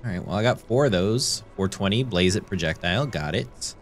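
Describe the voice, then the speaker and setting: Low-voiced playful male streamer. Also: lively intonation, brisk, a little hiss or hum. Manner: playful, chatty, reads game dialogue aloud. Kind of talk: let's play commentary. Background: game music.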